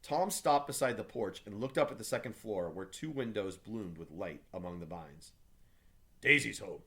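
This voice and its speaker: A man, a teacher, reading a novel aloud for his class with steady, measured delivery. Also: lowish voice.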